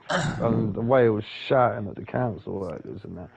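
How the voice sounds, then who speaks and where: A man's voice: fairly low pitch, animated, normal speed, gravelly, slightly rough, dull audio. A man, telling a rambling, sweary story in casual talk and acting out other people's lines. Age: 30s.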